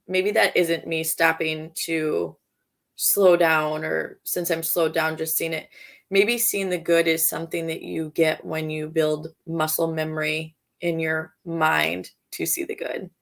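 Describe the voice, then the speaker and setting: A woman's voice: deep voice, a bit bright. A woman co-hosting a podcast, thinking aloud in a thoughtful, casual chat. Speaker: podcast co-host.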